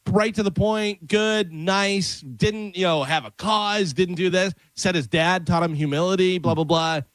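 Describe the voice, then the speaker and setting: A man with a slightly high voice co-hosts a radio show and tells lively anecdotes, slipping into impressions. The sound is close and dry. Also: a little slow, no echo. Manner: animated storyteller, does impressions. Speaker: radio co-host. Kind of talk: casual radio banter.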